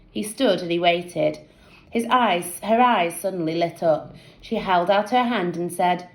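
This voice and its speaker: A woman teacher reading a children's book aloud with lively storytelling. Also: lowish voice, moderate pace, echoey room, poor audio.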